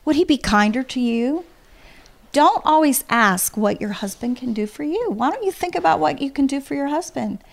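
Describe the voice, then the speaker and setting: Middle-aged woman, interview guest, earnest heartfelt delivery, voice sits a little high. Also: lively intonation, moderate pace, gravelly. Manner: earnest, heartfelt advice-giving. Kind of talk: casual conversation.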